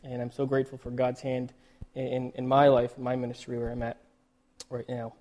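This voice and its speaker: A male pastor giving a sermon, emotional and choked up, halting with many restarts and fillers. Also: mid-range voice, monotone, darkish tone.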